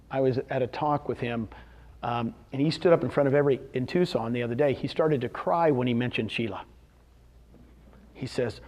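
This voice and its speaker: A man giving a live seminar talk to real estate agents, telling success stories and firing questions at the audience. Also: on the high side. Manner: animated, storytelling with quick questions to the audience. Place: meeting room with a live audience.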